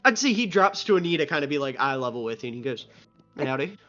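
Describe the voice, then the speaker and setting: A man's voice: a little high, sing-song, very fast, sharp tone. A man narrating a tabletop game as game master, in a loose, rambling way, recorded in dull lo-fi stream audio with faint music.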